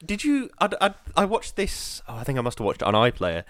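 A man's voice: medium pitch, fairly quick, no echo, studio quality. A man co-hosting a casual podcast chat, playful and jokey, telling stories with lots of asides. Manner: playful, jokey, animated storytelling. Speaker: podcast co-host.

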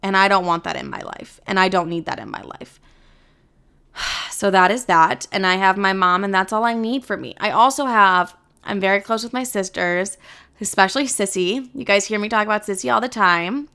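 A woman's voice: medium pitch, normal speed, vocal fry, bright, forceful tone, smooth. A young woman talking candidly to her viewers in a casual, blunt way, swearing freely and filling with "like". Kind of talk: candid personal monologue.

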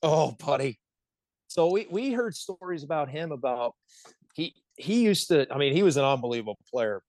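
Hockey guy in his 30s telling stories on a podcast, bit high voice, laughs a lot, swears, dry close sound. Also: normal speed, no echo. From Pittsburgh area, United States. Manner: animated, laughs often, swears freely. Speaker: guest, pro hockey player. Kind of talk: casual podcast storytelling.

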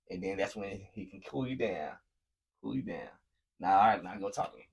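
A man co-hosting a casual faith-based podcast with his wife, telling lively everyday stories and acting out the dialogue. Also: on the low side, normal speed, husky. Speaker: podcast co-host, husband.

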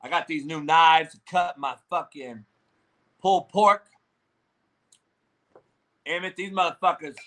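A man hosting a live show, yelling and cussing as he answers the chat, speaking on a phone held far away. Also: fairly high pitch, a little slow, pauses often. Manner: loud, yelling, profane, confrontational. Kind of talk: profane ranting commentary.

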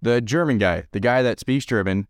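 A man's voice: mid-range voice, normal speed, no echo, clean studio sound. A man co-hosting a podcast, chatting casually about a movie in a rambling, self-deprecating way and chuckling at his own jokes. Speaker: podcast co-host. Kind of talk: casual film discussion.

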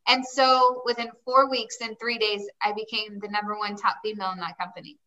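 A woman's voice: mid-range voice, flat delivery, fairly quick, sharp tone, distant mic, poor audio. A woman guest telling her life story in a chatty way, often quoting herself and saying "like". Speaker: interview guest. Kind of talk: personal storytelling.

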